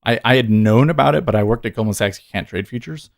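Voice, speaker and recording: A man's voice: medium pitch, fast, vocal fry, no echo. Dry-sounding man hosting a trading stream. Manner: rambling, earnest storytelling with frequent self-corrections. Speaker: day trading livestream host. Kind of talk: casual livestream talk.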